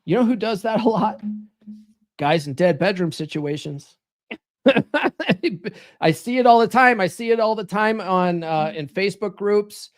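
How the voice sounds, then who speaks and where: A man's voice: high voice, animated, a little slow. A man hosting a live stream, talking casually in a blunt, profane, coaching tone. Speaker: live stream host giving dating advice.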